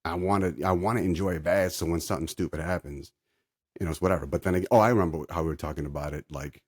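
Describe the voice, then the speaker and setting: A man's voice: low voice, rapid-fire, slightly rough, no echo, clean studio sound. A man hosting a casual chat, ranting in a profane, sarcastic way. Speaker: podcast host.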